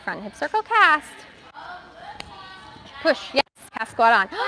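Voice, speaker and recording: A young woman runs a gymnastics practice and calls out brisk cues and praise to her young athletes. Her voice sits high and sounds bright and clear. She keeps the instructions quick and encouraging. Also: animated. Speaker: gymnastics coach. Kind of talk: live coaching in a gym. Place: gymnastics gym.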